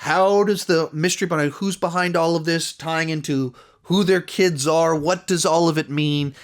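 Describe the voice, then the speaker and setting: A man talks through a TV episode in a loose, rambling review, scattering "like" and "you know" everywhere. His voice sits a bit higher than most men's. Now and then he slips into the characters' lines as he retells the plot. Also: fairly even intonation, normal speed. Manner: rambling recap full of "like" and "you know", acting out quoted lines. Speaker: TV series reviewer. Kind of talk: casual spoken episode review.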